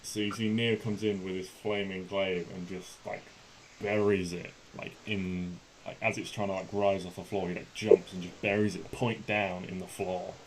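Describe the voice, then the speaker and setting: Male game master, deep voice, halting narration, noisy recording. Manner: relaxed, halting narration with many fillers.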